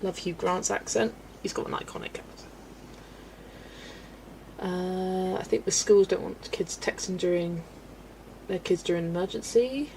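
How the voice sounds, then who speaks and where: A woman from the UK hosts a casual live stream from home and reads her viewers' comments aloud. Her voice has a touch of gravelly fry. She chats in a giggly, easygoing way over a faint background hiss. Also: on the low side, moderate pace, long pauses, a little mellow, low-quality recording.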